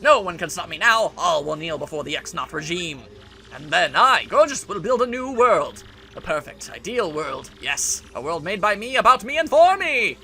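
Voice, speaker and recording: A man's voice: high voice, big pitch swings, normal speed, bright, forceful tone, slight background noise, heavily acted. Field: a man putting on a pompous gloating villain boss. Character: scheming grandiose male villain leader. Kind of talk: let's play voice acting.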